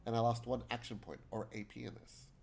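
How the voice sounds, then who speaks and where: A man's voice: mid-range voice, brisk, vocal fry, a little mellow, slightly rough. A man streaming a video game, reading the dialogue aloud in shifting voices and chatting between lines. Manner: chatty, trails into asides.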